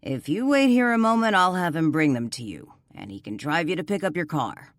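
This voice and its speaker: A woman voicing a measured police chief. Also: low-pitched, sing-song, no echo, clean studio sound. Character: calm authoritative male police chief.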